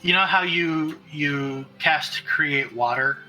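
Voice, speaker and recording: A man runs a tabletop game session, narrating at an easy, halting pace. His voice is very bright and sharp. Faint music plays behind him. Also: fairly high pitch, rough recording. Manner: relaxed, halting narration with many fillers. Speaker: game master.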